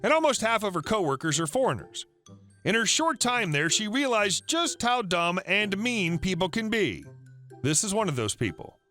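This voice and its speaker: A man reading online revenge stories as a scripted narration, upbeat and expressive. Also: sits high, normal speed, faint music behind. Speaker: story narrator.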